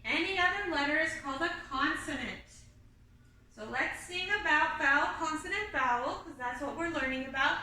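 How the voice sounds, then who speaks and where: A woman teaching a kindergarten class online, talking slowly and patiently and singing simple learning songs. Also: sits high, bright, forceful tone, recorded from a distance. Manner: patient, sing-song teacher talk. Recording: very echoey room, off-mic.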